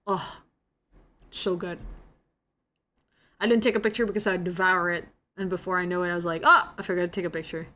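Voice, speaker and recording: A young woman, chatting casually to her stream viewers and rambling through a story. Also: medium pitch. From Indonesia.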